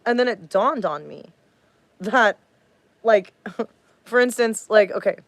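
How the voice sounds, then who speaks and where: A woman's voice: mid-range voice, lively intonation, takes it slowly, pauses often, dry recording. Profane, rambling woman streamer. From United States. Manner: profane, rambling, loses her train of thought. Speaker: livestreamer. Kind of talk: casual livestream rant.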